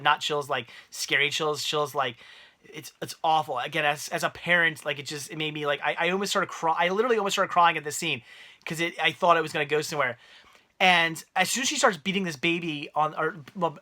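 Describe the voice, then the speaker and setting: A young man and parent giving a rambling, animated movie review rant, full of restarts. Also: on the high side.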